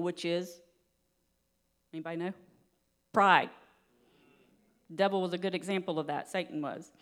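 A woman giving a sermon in an earnest, steady teaching manner, with light laughs now and then. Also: fairly low pitch, a little slow, pauses often. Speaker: preacher.

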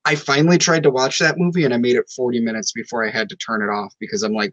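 A man's voice: medium pitch, fairly even intonation, quick pace, hardly any pauses, a bit bright, no room sound, rough recording. A man co-hosting a podcast, giving blunt, opinionated takes in casual chat. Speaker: podcast co-host.

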